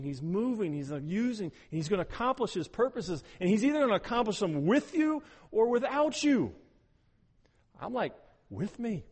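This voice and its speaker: A man preaching a sermon as pastor, animated, swinging between hushed, soft passages and loud, emphatic ones. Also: fairly high pitch, in a large hall.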